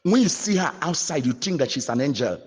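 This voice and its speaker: Nigerian man, bishop, aggrieved, repetitive, husky, reverberant hall. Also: on the high side, expressive, brisk, darkish tone. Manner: aggrieved, pleading, repeats himself. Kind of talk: emotional complaint to a gathering.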